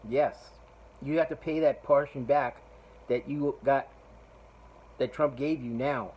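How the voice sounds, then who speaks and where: This middle-aged podcast host speaks slowly in a husky, medium-pitched voice with fairly even intonation, and the highs are cut off. Casual and rambling, he swears his way through a story, laughing as he goes.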